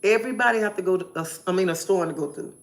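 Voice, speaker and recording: A woman's voice: fairly low pitch, rapid-fire. A woman live streamer giving an emphatic personal testimony, repeating phrases in a preacherly way.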